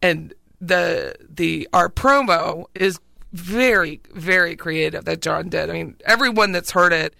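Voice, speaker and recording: A woman co-hosting a podcast, telling stories in a lively way and often laughing. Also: fairly low pitch, a little slow, creaky, no room sound. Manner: animated storyteller, laughs often. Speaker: podcast co-host, realtor. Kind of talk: casual chat.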